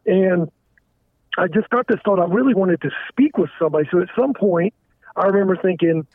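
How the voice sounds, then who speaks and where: A man with a rather high voice speaks candidly and haltingly, tripping over his words and restarting sentences. He comes through a thin, tinny phone line with a dry, close sound. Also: dry recording. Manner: halting, stammers and restarts often. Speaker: caller. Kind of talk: candid confessional phone call. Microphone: telephone.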